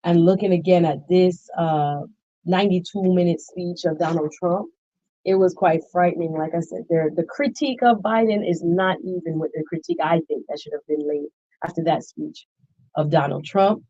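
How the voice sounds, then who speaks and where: A woman hosting a casual political reaction commentary, animated and exclaiming, acting out quoted reactions as she talks. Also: lowish voice, normal speed, no echo. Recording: slightly dull, lo-fi sound.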